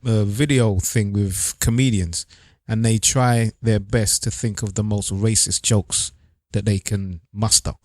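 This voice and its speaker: A man's voice: on the low side, steady tone, a little slow, hardly any pauses, a little mellow, no echo, studio quality. A man co-hosting a podcast, speaking in an emphatic, earnest way. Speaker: podcast co-host. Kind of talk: casual podcast chat.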